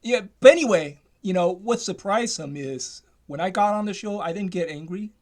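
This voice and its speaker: High-voiced man on an emphatic rant. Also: animated, normal speed, darkish tone. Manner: repetitive, emphatic, restarts often. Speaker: commentator. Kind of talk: ranting commentary.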